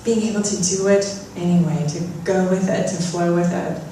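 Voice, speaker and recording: A woman's voice: lowish voice, steady tone, moderate pace, mellow, a little hiss or hum. A woman giving an inspirational talk to an audience, telling personal stories with self-deprecating humor. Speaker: spiritual talk speaker. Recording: very echoey room, far from mic.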